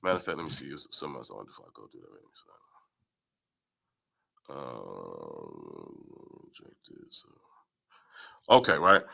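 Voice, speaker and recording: A man's voice: very deep voice, very animated, moderate pace, vocal fry, long pauses, sharp tone, husky. A man leading a Bible study, reading verses aloud and explaining them, often asking "right?". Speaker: Bible teacher. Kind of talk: scripture study talk.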